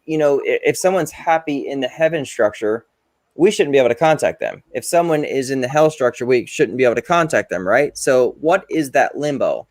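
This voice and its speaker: A man's voice: mid-range voice, expressive, fairly quick, dry recording. A man hosting an interview, a paranormal investigator who talks eagerly and often restarts his sentences. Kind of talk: casual interview chat.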